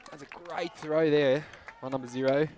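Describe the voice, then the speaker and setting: A man commentating live sport in a relaxed, chatty way, still out of breath. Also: fairly high pitch, normal speed.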